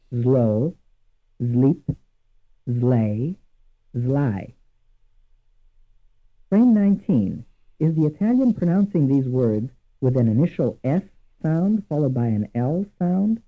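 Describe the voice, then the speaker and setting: A man with a medium-pitched voice delivers scripted instructional narration for a language course, measured and deliberate, saying each example word twice. The audio is tinny and lo-fi, like an archival course recording.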